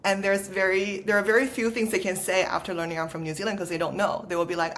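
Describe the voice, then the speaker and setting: Brisk and medium-pitched with few pauses, this thirtysomething startup founder from China chats casually as a podcast guest. She has a Los Angeles Valley girl accent and sprinkles "like" throughout her sentences in a relaxed interview.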